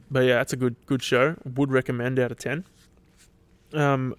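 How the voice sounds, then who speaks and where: A man's voice: medium pitch, level tone, moderate pace, smooth, no room sound. A young Australian man hosting his podcast alone, chatting casually in a loose, rambling and sweary way. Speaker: podcast host. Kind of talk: casual solo chat.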